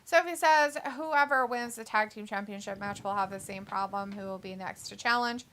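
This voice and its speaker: Bright-voiced woman reading stream chat. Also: medium pitch, normal speed. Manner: chatty, reads chat messages then reacts. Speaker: co-host of a wrestling watch-along stream. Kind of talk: casual live-stream chat, reading viewer comments aloud.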